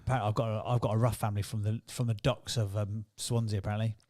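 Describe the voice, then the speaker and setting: A man's voice: lowish voice, little pitch movement, very fast, a little mellow. A Welsh-born man hosting a casual group chat, joking and chuckling as he tallies votes and brings in callers. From Wales. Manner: jokey, chuckles between remarks. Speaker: host.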